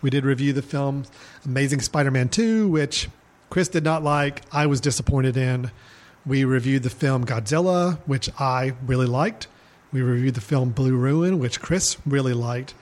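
A man's voice: mid-range voice, normal speed, darkish tone. Guy hosting a movie podcast, chatty and upbeat, easygoing. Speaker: podcast host. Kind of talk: casual film podcast chat.

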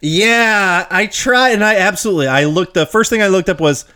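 A man co-hosting a casual podcast chat, enthusiastic and opinionated, dropping quick affirmations. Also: sits high, pushed and bright, clear, resonant tone. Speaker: podcast co-host.

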